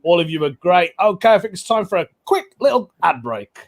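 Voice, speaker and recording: High-voiced giggly male show host. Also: sing-song, fairly quick, background noise. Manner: cheery, giggly, calls out contestants in turn. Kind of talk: casual online comedy show.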